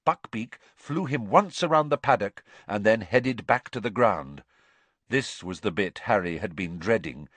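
Expressive male audiobook narrator. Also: mid-range voice, dry recording. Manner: expressive storytelling.

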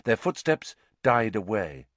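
A man narrating a storybook audiobook with expressive, varied reading. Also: fairly low pitch, unhurried, dry recording.

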